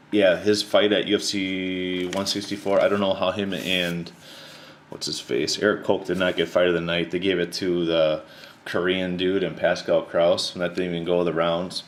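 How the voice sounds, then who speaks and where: A man chatting casually to camera about his collection, rambling and relaxed, with plenty of slang and fillers. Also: deep voice, a little hiss or hum. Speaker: card collector showing his mail returns.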